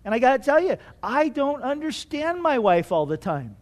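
Male pastor, middle-aged, light high voice, chatty self-deprecating sermon delivery. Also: very animated, moderate pace. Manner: conversational, self-deprecating, frequent "you know".

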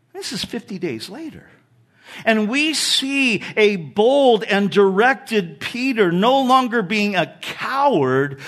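A man preaching a sermon, telling Bible stories with conversational asides and acting out the quoted lines. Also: high-pitched. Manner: animated, acts out quoted speech, conversational asides. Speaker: pastor.

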